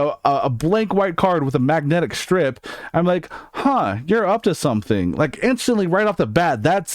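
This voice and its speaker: A man's voice: a little high, dry recording, clean studio sound. A man ranting in a crude, joking, rambling way, full of slang and profanity, as a YouTuber. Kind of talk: edgy casual rant.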